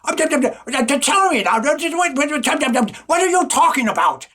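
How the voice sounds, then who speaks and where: A man's voice: extremely high pitch, sing-song, a little fast, pushed and bright, full character voice. A man playing a stammering old merchant father. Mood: flustered. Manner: stammering, blustering. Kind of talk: stage comedy acting.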